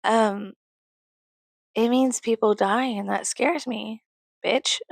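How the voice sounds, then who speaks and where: A woman's voice: on the high side, fairly even intonation, slow pace, gravelly, pauses often, dry recording. A young woman rambling in a casual vlog, swearing and laughing often, close to her mic. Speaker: YouTuber.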